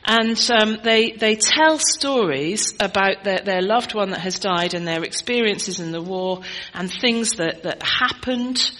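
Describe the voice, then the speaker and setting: Bright-voiced woman preaching a sermon. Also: medium pitch, measured pace, hardly any pauses, rough recording. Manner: conversational, teaching, asks the congregation questions.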